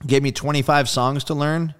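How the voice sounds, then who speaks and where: A man being interviewed as a guest musician, telling a story in a casual, animated way, acting out quoted dialogue and swearing freely. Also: on the high side, normal speed, smooth.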